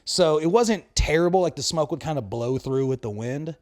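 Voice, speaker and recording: A man's voice: on the high side, lively intonation, normal speed, darkish tone, dry recording, studio quality. A young man telling a rambling story in a casual podcast chat, laughing often. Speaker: podcast co-host.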